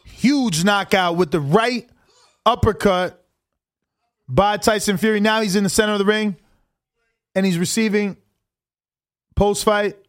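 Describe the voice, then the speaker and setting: A man hosting a livestream, reacting to a fight with slangy, excitable commentary. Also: high-pitched, unhurried, long pauses. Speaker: livestream host. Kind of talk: casual live watch-along commentary.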